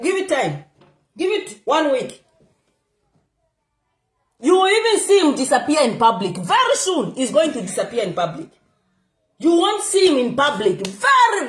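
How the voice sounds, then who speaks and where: Animated laughing woman, echoey room. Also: sits high. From Zambia. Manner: animated, laughing, code-switching. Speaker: commentator. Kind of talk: casual political commentary vlog.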